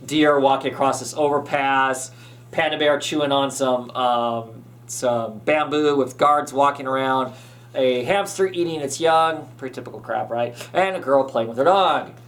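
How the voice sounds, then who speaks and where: A man's voice: mid-range voice, a little slow, a bit bright. Rambling man recapping a comic. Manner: rambling, many fillers and restarts. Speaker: podcast host. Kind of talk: casual chat recapping a comic.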